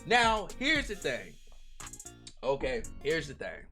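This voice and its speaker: A young man telling a casual storytime to his viewers, slangy and animated, talking straight to the audience. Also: a little high, slow pace, soft background music. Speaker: storytime vlogger.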